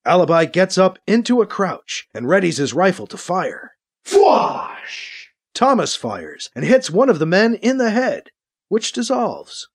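A man's voice: sits high, moderate pace, slightly rough. A man narrating an action scene in an audiobook, voicing the sound effects himself. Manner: animated, with voiced sound effects.

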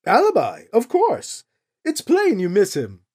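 A woman's voice: medium pitch, huge pitch swings, measured pace, a little mellow, husky, heavily acted. A woman voicing a courteous, formal male officer who speaks politely and cheerfully.

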